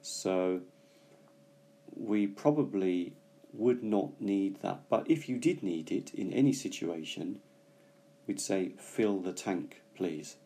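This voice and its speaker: Slow, low-voiced man teaching English. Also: lively intonation, dark tone. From Britain. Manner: slow, careful explanations with hesitations. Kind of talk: bilingual language lesson.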